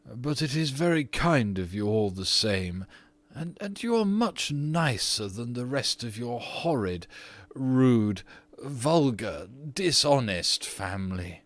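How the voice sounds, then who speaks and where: A man voicing a petulant, haughty aristocratic ghost of an English nobleman in an audiobook reading, often drawing his words out slowly. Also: mid-range voice, big pitch swings, no echo.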